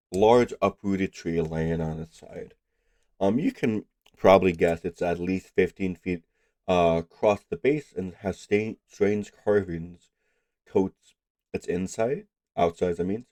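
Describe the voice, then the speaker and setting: Stuffed-up guy dm'ing, very low deep voice, mellow and dry, calm slow narration. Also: no echo. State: congested. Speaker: game master. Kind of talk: narrating a tabletop game.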